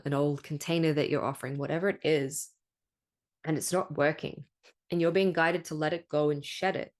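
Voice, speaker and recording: A woman with a low, deep-set voice talks through a spiritual podcast monologue. She is candid and emphatic, swears freely, and keeps checking in with a rhetorical "right?". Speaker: podcast host.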